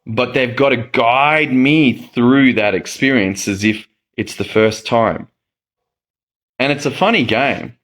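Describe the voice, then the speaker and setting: A man's voice: medium pitch, slow, fairly bright tone. A middle-aged man telling a personal story in a casual monologue, acting out the reactions he quotes. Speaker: medical educator and host.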